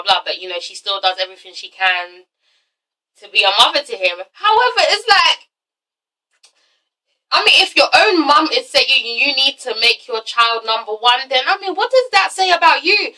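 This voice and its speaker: A woman hosting a blunt, animated casual vlog review, swearing freely. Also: high-pitched, far from the mic, poor audio. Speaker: vlog host reviewing a reality TV show.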